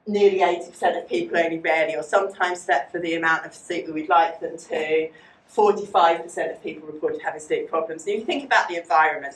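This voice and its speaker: Deep-voiced woman lecturing in a hall. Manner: fast, chatty, many fillers like "um" and "like". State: out of breath. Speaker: psychology lecturer. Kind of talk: academic public talk with audience Q&A. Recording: echoey room, distant mic.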